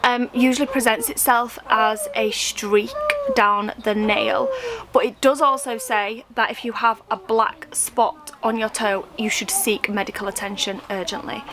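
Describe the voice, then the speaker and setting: A woman's voice: a little high, fairly even intonation, measured pace, background noise. A woman vlogging casually to a handheld camera outdoors, rambling and stumbling over her words. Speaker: family vlogger. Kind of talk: casual vlog chat to camera. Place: outdoors at a roadside.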